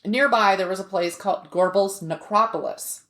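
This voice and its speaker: A woman's voice: medium pitch, normal speed, fairly bright tone, roomy sound. A woman co-hosting a podcast, telling a story in a chatty, casual way and laughing now and then mid-sentence. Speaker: podcast co-host.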